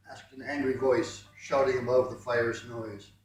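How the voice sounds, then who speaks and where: A man's voice: medium pitch, level tone, measured pace, hardly any pauses. A man reading his friend's rhyming poems at a poetry night, with chatty, modest asides between them. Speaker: poetry reader. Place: room at a poetry night event. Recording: very echoey room, mic far off.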